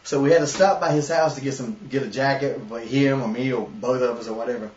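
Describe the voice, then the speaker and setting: A webshow host with a Southern US accent tells a long, profane story in casual chat, animated and laughing as he goes. His mid-range voice moves fast, picked up by an echoey, lo-fi room mic from a distance with slight background noise.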